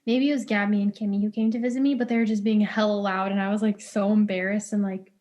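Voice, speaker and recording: A woman's voice: mid-range voice, fairly even intonation, fast, darkish tone. A young woman co-hosting a podcast, rambling with lots of fillers and giggling. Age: young adult. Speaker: podcast co-host. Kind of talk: casual chat.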